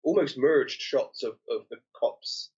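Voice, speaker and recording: A man's voice: medium pitch, takes it slowly, breathy edge, highs cut off. A man co-hosting a film podcast, sharing behind-the-scenes trivia in a hesitant way, often repeating words as he goes. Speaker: podcast co-host. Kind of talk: casual film discussion.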